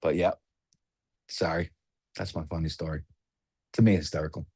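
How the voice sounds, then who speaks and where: A man's voice: extremely low pitch, steady tone, darkish tone, husky, dry recording. A man who is a podcast guest, telling a funny family story in casual chat and laughing as he goes. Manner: laughs through his stories, halting restarts.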